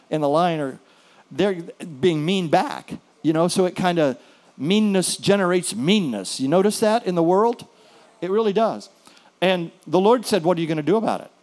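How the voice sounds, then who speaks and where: A man preaching a sermon as a pastor, telling a story with hushed, soft passages and sudden louder bursts. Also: a little high.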